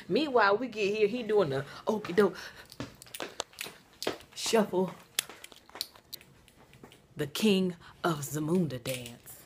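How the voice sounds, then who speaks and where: A woman's voice: medium pitch, takes it slowly, long pauses, slight background noise. A mother chatting animatedly in a casual vlog, recorded on a phone inside a moving minivan. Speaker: mother and vlogger. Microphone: phone camera.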